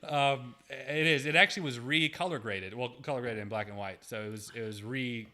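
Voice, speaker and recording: A man hosts a casual livestream, thanking viewers and chatting about movies in a loose, joking way. His voice is bright and forward. He pokes fun at himself easily. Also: medium pitch, a little fast. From United States. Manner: chatty, self-deprecating, joking. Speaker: livestream host reading viewer chats.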